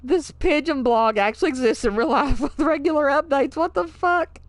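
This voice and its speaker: A woman's voice: sits high, moderate pace, no room sound. A young woman hosting a let's play of a dating game, chatting casually, swearing often and laughing as she reacts. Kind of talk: game commentary.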